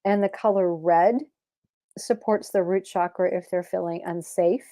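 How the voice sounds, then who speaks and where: A woman's voice: steady tone, unhurried, mellow. A woman hosting a live cat-care Q&A, talking casually, rambling a little and correcting herself as she goes. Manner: chatty, rambling, with fillers and self-corrections; rises into high baby talk with her cat. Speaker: host of a cat health show.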